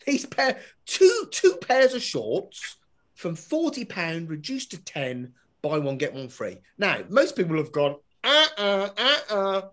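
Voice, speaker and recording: A man doing a stand-up comedy routine, swinging between loud punchlines and muttered asides. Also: a little high, very animated, unhurried. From Britain. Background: audience laughter.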